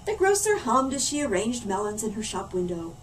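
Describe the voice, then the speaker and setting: Expressive woman reading a picture book. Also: a little high, brisk. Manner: expressive read-aloud. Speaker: children's librarian. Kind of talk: storybook reading. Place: library. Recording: distant mic, faint room hum.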